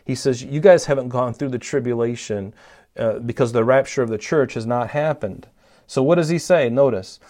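A man's voice: mid-range voice, normal speed, darkish tone. Earnest man preaching a sermon. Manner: earnest, emphatic Bible teaching with rising stress on key lines.

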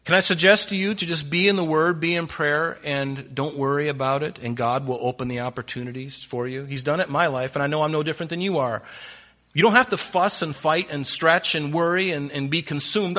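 A man preaching a conversational verse-by-verse sermon as a pastor, full of rhetorical questions and dropping into soft, low asides. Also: brisk. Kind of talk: sermon, verse-by-verse Bible teaching.

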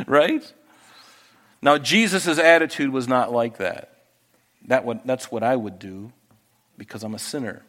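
A pastor delivering a sermon in a voice that sits a little higher than most men's. He moves between loud, emphatic scripture reading and soft, intimate asides to the congregation. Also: animated, normal speed.

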